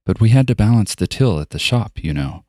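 A man's voice: on the low side, animated, a little fast, dark tone, dry recording, studio quality, pitched above the performer's own voice, natural voice. A man voicing a kindly, apologetic grandmother over 60 in an audiobook.

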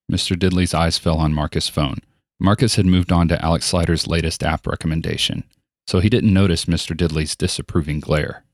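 Male narrator, deep voice, dry close sound, steady scripted reading. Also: fairly quick, dry recording. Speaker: audiobook narrator.

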